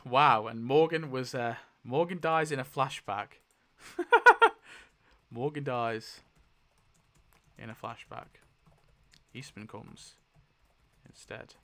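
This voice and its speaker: Chatty man thinking out loud. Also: mid-range voice, slow pace, long pauses. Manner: chatty, thinks aloud, swears and laughs often. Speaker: YouTube host. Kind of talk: casual commentary while spinning a wheel.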